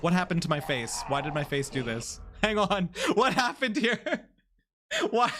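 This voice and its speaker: A game streamer giving casual live commentary, giggly and excitable, talking directly to chat. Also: medium pitch, a little slow.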